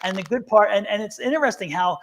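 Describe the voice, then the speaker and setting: High-voiced man, earnest live-stream co-host. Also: fast talker, slight background noise. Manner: earnest, emphatic, repeats himself. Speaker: tarot reader, co-host. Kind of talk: casual live-stream chat.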